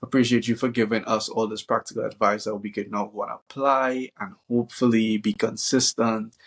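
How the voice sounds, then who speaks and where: A man hosting a casual interview, laid-back and slangy, warmly enthusiastic about his guest's advice. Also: lowish voice, level tone, brisk. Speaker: podcast host.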